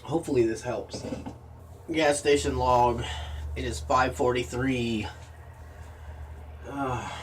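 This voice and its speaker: A man's voice: medium pitch, steady tone, slow pace, long pauses, far from the mic, slight background noise. A man working a gas station shift, talking to himself in a weary, rambling video diary, feeling run down. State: tired and run down.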